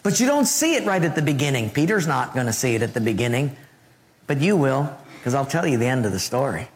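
A storytelling pastor in an echoing hall. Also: male voice, very animated, fast talker, slight background noise. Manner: storytelling, humorous, dips low for emphasis. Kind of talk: sermon. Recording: long hall reverb.

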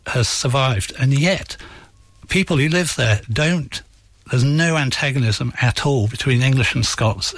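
A man, an author, telling a story as a guest on a radio interview, in a measured, thoughtful way. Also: medium pitch, fairly bright tone, breathy edge, no room sound. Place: near where England and Scotland meet.

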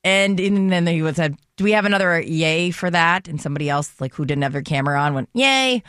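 A woman's voice: lowish voice, fairly quick, clean tone, dry recording, clean studio sound. A woman co-hosting a radio show, telling a story in casual chat and acting out the other voices in it. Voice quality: animated, acts out voices in her stories. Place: radio studio.

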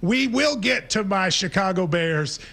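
Brief: high-pitched male talk host, assertive and dryly teasing. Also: lively intonation, unhurried, sharp tone. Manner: assertive, wry. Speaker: sports radio host. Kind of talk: sports talk radio.

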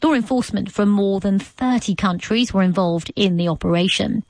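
A woman's voice: medium pitch, dry recording. Female radio news presenter, dry studio. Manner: crisp, formal newsreading.

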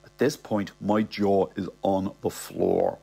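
A man's voice: low-pitched, wildly swooping pitch, slow, vocal fry, warm tone, slightly rough. A middle-aged man with a Dublin Irish accent narrating a comic audiobook in a cocky, slangy style.

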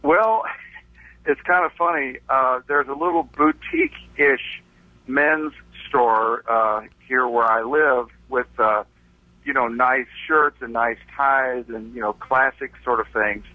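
A man's voice: mid-range voice, slow pace, no echo. A man calling in to a radio show, friendly but hesitant, stammering and filling with "uh". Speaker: caller. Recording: dull phone line.

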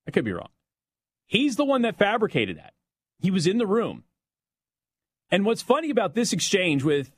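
A man's voice: sits high, dry recording. A man hosting a talk radio show, delivering an opinionated, mocking monologue on a close studio mic. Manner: sarcastic, mocking, animated.

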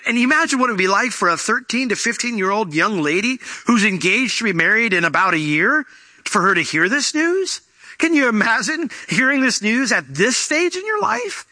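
A man delivers a sermon in a strikingly bright, forceful voice. He talks the congregation through the text, then jumps up high to act out what people say. The sound is close and dry. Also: a little fast, no echo. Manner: animated, acts out quoted voices with big pitch jumps. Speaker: pastor.

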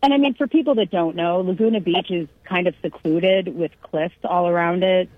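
A woman's voice: on the low side, moderate pace, no room sound. A middle-aged woman from California telling a long family story in casual chat, acting out the voices of the people in it and laughing along. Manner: lively storyteller who acts out quoted voices and laughs. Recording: dry, narrow phone-like radio sound.

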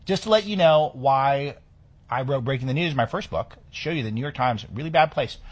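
Husky-voiced male talk radio host. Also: medium pitch, animated, moderate pace. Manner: sarcastic, indignant.

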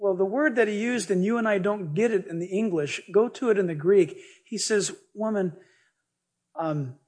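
Animated husky-voiced preacher. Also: male voice, high voice, fairly quick. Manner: animated, jokey, storytelling preacher. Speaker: pastor. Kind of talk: sermon.

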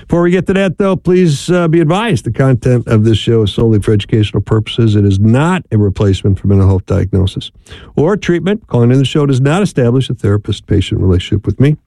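Mellow-voiced folksy male radio host. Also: mid-range voice, expressive, fast talker, dry recording. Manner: chatty, folksy, laughs easily. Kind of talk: casual call-in radio talk.

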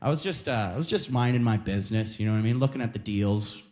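A man's voice: medium pitch, quick pace, darkish tone. A young man from Alberta doing a stand-up comedy set on a club stage, talking loosely with many quoted voices and constant "you know". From Alberta, Canada. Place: comedy club stage before a live crowd.

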